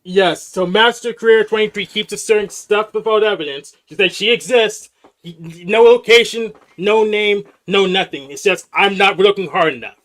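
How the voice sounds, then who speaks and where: A man's voice: high voice, moderate pace, a bit bright. A man arguing as a panel guest in a heated casual debate, often repeating words and stumbling as he pushes his point.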